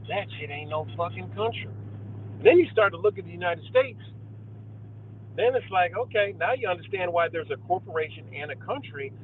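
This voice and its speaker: Profane man ranting over tinny audio. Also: on the high side. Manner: profane, heated, conspiratorial, addresses viewers as guys. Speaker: livestream host. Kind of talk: ranting live stream monologue. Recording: tinny phone-like audio with faint car noise.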